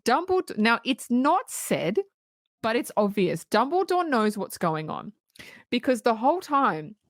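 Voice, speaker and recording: A woman co-hosting a podcast, recapping a film's plot in steady, casual storytelling. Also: a little high, a little slow, no room sound, clean studio sound. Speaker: podcast co-host.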